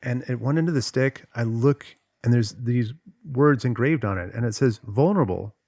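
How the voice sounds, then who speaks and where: A man's voice: mid-range voice, moderate pace, a little mellow, no echo, clean studio sound. A man coaching on vulnerability, talking casually and emphatically, acting out quoted voices. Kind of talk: casual talk to camera.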